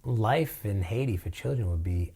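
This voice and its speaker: A man talks earnestly about his work and his town, his voice low and warm. He speaks from the heart and fills his thoughts with easygoing "you know"s. The tone is sincere and personal, like a nonprofit leader being interviewed. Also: expressive, normal speed, creaky, breathy edge. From Boston, USA. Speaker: nonprofit director. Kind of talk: interview answers.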